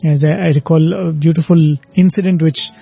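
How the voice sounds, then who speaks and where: Older male guest, high pitched and husky, anecdotal storyteller; muffled recording, faint music. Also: fairly even intonation, brisk. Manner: warm anecdotal, laughs often, uses "you know". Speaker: guest recounting stories. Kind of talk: conversational storytelling.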